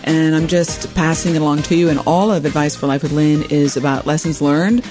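A woman's voice: sits low, fairly even intonation, brisk, mellow, faint music behind. A woman hosting her own show, telling a personal story in a candid, self-deprecating and rambling way. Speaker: podcast host.

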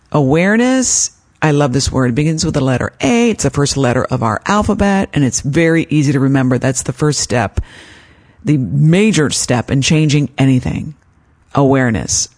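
A woman speaks on her self-help podcast in a gentle, encouraging way. Her pitch swings widely as she coaches the listener. She is calm and kind as she gives advice. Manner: gentle, encouraging, acts out her inner voice in quotes. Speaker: podcast host and life coach.

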